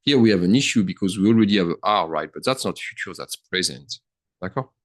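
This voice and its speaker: A man who teaches a grammar lesson. He talks in a chatty way at his computer, thinks out loud and slips words into his English. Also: low voice, animated, fast, no room sound. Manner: chatty, thinks aloud, mixes French into English. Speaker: French teacher. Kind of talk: screen-share grammar lesson.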